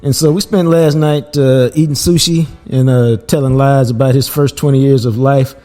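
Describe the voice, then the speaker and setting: A man, hosting a podcast and telling a family story in a relaxed, casual way, laughing as he goes. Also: medium pitch, normal speed, soft background music. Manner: laid-back, laughs while telling stories. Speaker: podcast host.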